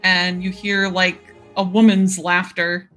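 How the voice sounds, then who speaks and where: Slow-talking woman game master. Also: lowish voice, flat delivery, a bit bright, soft background music. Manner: unhurried, full of fillers, laughs often. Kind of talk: narrating a tabletop game.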